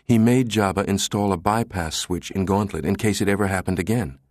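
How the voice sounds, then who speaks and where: A man reading a thriller audiobook in a measured, even storytelling manner. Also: low-pitched, no echo, clean studio sound. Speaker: audiobook narrator. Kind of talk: scripted thriller narration.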